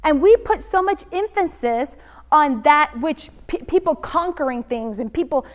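A woman giving conversational Bible teaching, animated and expressive, speaking straight to her listeners. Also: high voice, a little slow, lo-fi sound.

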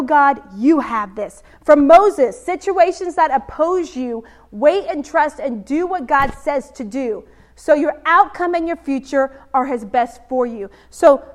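High-voiced woman giving lively Bible teaching. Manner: animated and expressive, addresses listeners directly.

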